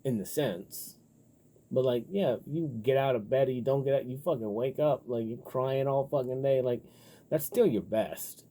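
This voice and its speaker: Very dark, husky-voiced man rambling. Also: mid-range voice, moderate pace. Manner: profane, loose and rambling, heavy on filler words; animated when riled up. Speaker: vlogger. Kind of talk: rambling casual monologue.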